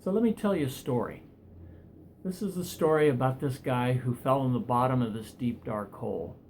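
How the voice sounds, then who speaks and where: A counselor tells a story in an earnest, conversational voice, and his pitch sits in the middle range. He speaks like someone sharing from his own experience. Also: moderate pace, a little mellow, slight background noise. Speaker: pain management counselor and author. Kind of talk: storytelling talk.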